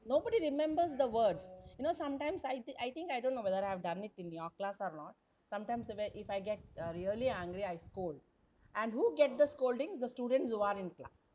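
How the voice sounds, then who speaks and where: Teaching a college course by video call, this woman lecturer talks in a chatty way, repeats herself, and keeps asking the class questions. She has a fairly high, dark-toned voice and speaks rather quickly through her computer microphone.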